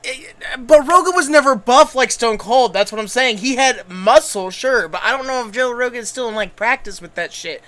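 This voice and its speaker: A young man riffs in a casual comedy podcast, laughing and ribbing his co-host. His voice is high for a man and bright. The talk is crude and playful. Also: moderate pace, hardly any pauses. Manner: joking, laughing, crude banter.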